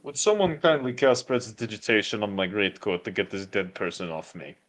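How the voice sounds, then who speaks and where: Man voicing a gruff war veteran, put-on russian accent, gravelly, lower than his own voice. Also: brisk, close to an everyday voice. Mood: haughty.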